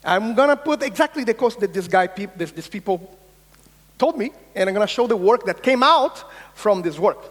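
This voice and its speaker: High-voiced man keynoting in a reverberant hall. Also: normal speed. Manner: energetic, insistent, swears, acts out quoted voices. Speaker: keynote speaker. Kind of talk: conference keynote talk. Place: large conference hall.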